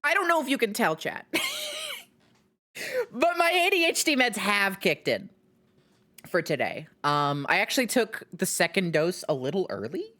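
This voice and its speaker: A woman streamer chatting casually to her live audience, rambling and animated, cutting herself off with fillers. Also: medium pitch, normal speed. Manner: rambling, animated, self-interrupting with many fillers.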